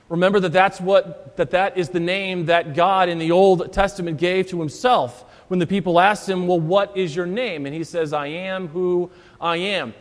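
A man's voice: sits high, fairly even intonation, normal speed. A man preaching a sermon as pastor, walking through scripture verse by verse and repeating key phrases. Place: church. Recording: long church reverb.

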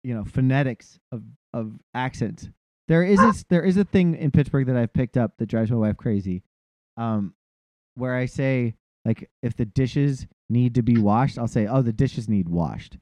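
Casting note: man, mid pitch, dry close mic, rambling animated storyteller who swears freely. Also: normal speed, dry recording. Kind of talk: casual chat.

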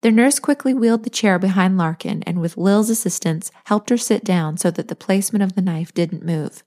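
A woman, an author and podcast host, reading her own novel aloud in steady, measured storytelling. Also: mid-range voice.

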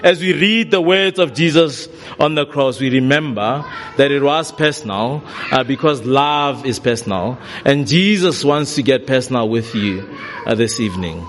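A man's voice: mid-range voice, animated, moderate pace, slight background noise. A man preaching a sermon in a church hall, earnest and repeating key phrases for emphasis. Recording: long reverb of a large hall.

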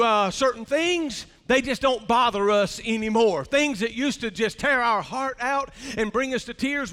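High-voiced older pastor preaching in a reverberant church. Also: male voice, bright, forceful tone. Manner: folksy storytelling with drawn-out emphasis. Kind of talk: sermon. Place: church sanctuary.

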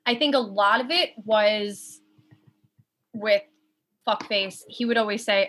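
A young woman chats casually in a mid-range, slightly bright voice, taking her time. She speaks candidly, swears often, and acts out quoted exchanges.

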